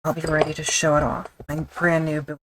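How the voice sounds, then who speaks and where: A woman with a notably low voice gives an offhand, self-mocking commentary as she stitches leather. She murmurs half to herself between remarks, with a faint hiss of noise underneath. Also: monotone, a little fast. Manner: wry, mutters to herself as she works. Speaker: leatherworker streaming her craft. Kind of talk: casual running commentary while working.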